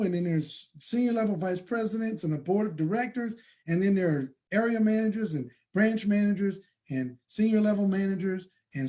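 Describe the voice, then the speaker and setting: Man, high-pitched, emphatic, preachy, repeats himself, motivational live stream, home office, webcam. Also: a little mellow. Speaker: network marketing promoter. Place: home office at his desk.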